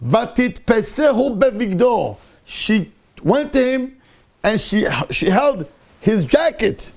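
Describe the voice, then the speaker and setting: A man giving a Torah class as rabbi, acting out the figures' words and dipping low for quoted verses. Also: unhurried, gravelly. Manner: animated, acts out the figures' words with mixed Hebrew phrases. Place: synagogue.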